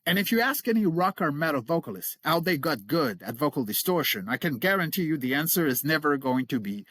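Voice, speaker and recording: A middle-aged man speaks as an interview guest, explaining technique with easy enthusiasm and a ready laugh. His voice sits a bit high and swings widely in pitch. The sound is dry and close, with no room echo. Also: very animated, brisk, fairly bright tone. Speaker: guest, creature voice coach.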